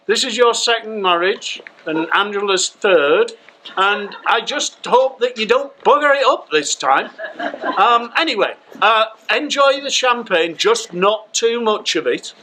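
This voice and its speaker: An amateur actor playing a brusque, boastful middle-aged uncle who pays for the wedding. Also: male voice, sits high, lively intonation, slow, bright, forceful tone, slight background noise, heavily acted, poor audio. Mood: teasing. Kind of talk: amateur stage acting.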